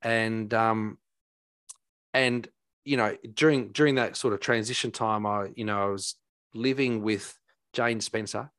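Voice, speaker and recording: A man's voice: on the low side, fairly even intonation, unhurried, a bit bright, no room sound, studio quality. Rambling man telling stories. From Australia. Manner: rambling, heartfelt, many fillers and restarts. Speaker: guest. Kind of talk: casual storytelling.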